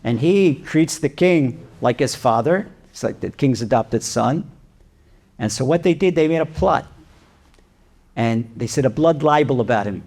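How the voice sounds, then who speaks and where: Male rabbi, sermon storyteller, gravelly voice, animated. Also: mid-range voice, measured pace. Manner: animated, rhetorical questions.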